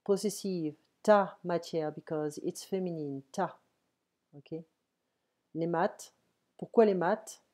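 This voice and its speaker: At home, a woman with a French accent and a lowish voice gives a relaxed one-on-one French lesson over an online call on her computer mic. She explains slowly and step by step, switching between French and English and checking in with frequent "ok"s.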